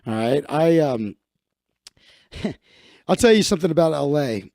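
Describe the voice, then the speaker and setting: Animated high-voiced man with gravelly edge. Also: unhurried, no room sound, clean studio sound. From Chicago. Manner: swearing, acts out others in higher voices. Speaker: livestream host. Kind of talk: casual comedic rant.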